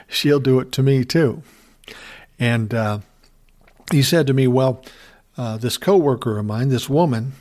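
A man's voice: mid-range voice, a little mellow. Man, middle-aged, blunt, wry, casual storytelling monologue, mid-range voice. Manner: blunt, wry, laughs through his story.

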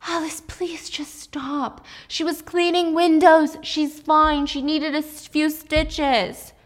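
A woman's voice: sits high, level tone, slow, voice pushed up. A woman voicing a dismissive young husband who brushes off his wife, placating and stern. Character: dismissive husband, engineer, tense and controlling.

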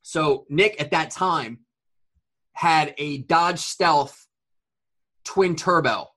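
A man's voice: on the high side, very slow. A man in his forties telling a rambling story in a casual chat, full of fillers. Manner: rambling, filler-heavy, animated retelling.

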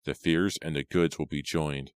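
A man's voice: very deep voice, fairly even intonation, normal speed, clear, resonant tone, no echo. A man voicing an earnest, devoted young man in an audiobook.

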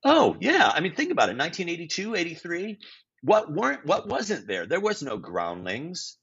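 A husky man in his sixties tells stories in an interview, his pitch swinging up and down as he goes. He restarts and corrects himself often and swears bluntly now and then. The audio sounds dull and lo-fi. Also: moderate pace. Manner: animated, frequent restarts and self-corrections. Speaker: guest improviser and teacher. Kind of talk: storytelling interview talk.

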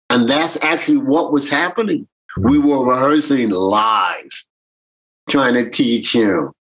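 A man's voice: mid-range voice, slow pace, low-quality recording. A man, a reggae bandleader telling stories in a casual interview and acting out the voices of people he quotes. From Jamaican American. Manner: animated, acts out quoted voices.

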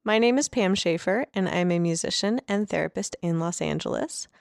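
A woman's voice: on the low side, a little fast, gravelly, no echo, far from the mic. A woman hosting an interview podcast, chatting casually and laughing often. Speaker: podcast host. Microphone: remote recording.

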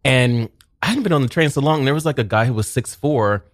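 A man's voice: mid-range voice, lively intonation, fast talker, no echo, clean studio sound. A man co-hosting a casual chat, telling stories in a laid-back way with lots of "like". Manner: laid-back storytelling with "like" fillers. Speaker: podcast co-host.

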